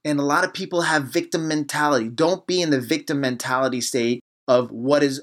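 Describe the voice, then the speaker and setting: A man's voice: on the high side, a little fast, few pauses. A man hosting a motivational podcast as a life coach, fired up and preachy, hammering home short repeated phrases.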